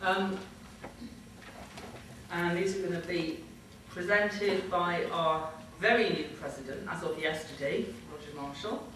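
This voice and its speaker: A woman with a lowish, fairly bright voice speaks a little slowly as she hosts a convention, giving informal announcements and handing out awards from a stage in a large hall. Her announcing is casual and loosely structured. The recording is noisy and distant, with the hall's echo all around.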